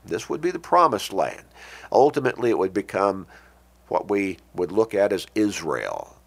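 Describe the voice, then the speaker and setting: A man preaching a sermon, reading scripture with emphasis and explaining it in a measured, pausing way. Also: low voice, very animated, creaky. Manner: emphatic, rising on scripture quotes, pausing and restarting.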